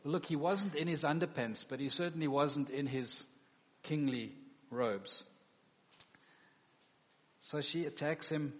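A man's voice: on the high side, slow pace, pauses often. A man preaching a sermon, animatedly acting out the quoted words of the figures in his story. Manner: animated, acts out biblical dialogue. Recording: long hall reverb.

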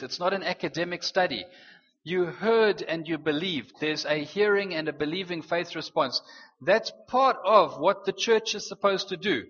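A man preaching a sermon, earnest and animated, slipping in playful teasing asides. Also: fairly high pitch, normal speed. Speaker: pastor. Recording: dull, reverberant hall sound.

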